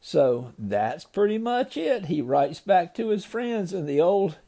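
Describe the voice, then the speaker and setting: Slow, gravelly older grandfather telling a story. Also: high-pitched, big pitch swings, warm tone. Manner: loose, ad-libbing retelling with small slips.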